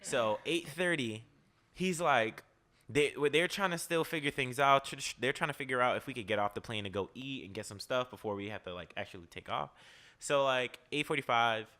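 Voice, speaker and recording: A young man hosting a podcast, telling a story in casual chat, animated and profane, full of "like" and "yo". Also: medium pitch, moderate pace. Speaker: podcast host.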